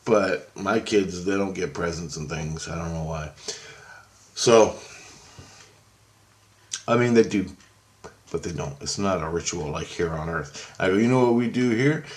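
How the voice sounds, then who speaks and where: A man who has just woken up, clearing his throat as he tells a long personal dream story, halting and meandering with many fillers and restarts. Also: deep voice. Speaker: video blogger recounting a dream.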